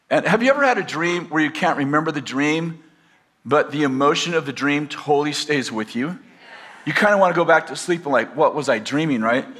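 A pastor telling a personal story to a live audience in a rambling, conversational way, with self-deprecating humor. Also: male voice, fairly high pitch, fairly bright tone. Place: campus teaching session.

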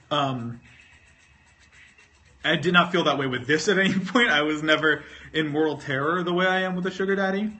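A man's voice: on the high side, fairly quick, bright, forceful tone. A man chatting casually on a livestream while eating candy, rambling and self-mocking, swearing freely and talking with his mouth full. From North Carolina, US. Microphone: phone.

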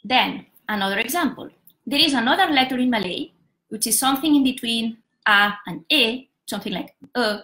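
A woman's voice: fairly high pitch, expressive, normal speed, pushed and bright. A young woman from Catalonia, giving a live pronunciation lesson and explaining patiently, step by step with examples. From Catalonia, Spain. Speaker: Spanish teacher.

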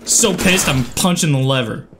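A man giving gameplay commentary, excitable, yelping and swearing at the game. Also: fairly high pitch, moderate pace, over music. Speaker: gaming channel host.

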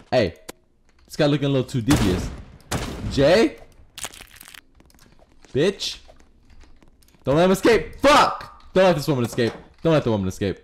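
A man giving casual, profane gameplay commentary as a streamer, excitable and prone to yelling. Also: medium pitch. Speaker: gaming streamer. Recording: noisy game audio behind.

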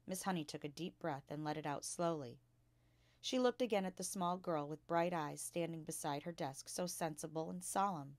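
A woman reads a children's chapter book aloud in calm, clear narration. Her voice sits a little low, and the recording is close and dry. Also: brisk, no echo. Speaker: storytime reader.

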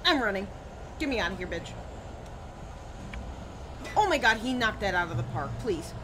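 A woman's voice: medium pitch, sing-song, moderate pace, noisy background. A woman streaming a horror game live, reacting with jumpy, frightened exclamations and casual chat. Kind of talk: live gameplay commentary.

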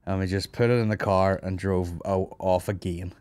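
A Northern Irish podcast host in an office talks at normal speed in a low, slightly mellow voice with little pitch movement and a clean tone. Hungover and worn out, he tells a meandering comic tale full of swearing and laughter.

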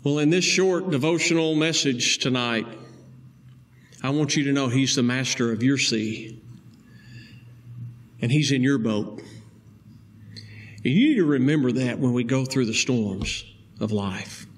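A male preacher, delivering a sermon with emphatic rising stresses and slow, deliberate key phrases. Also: medium pitch, a little hiss or hum.

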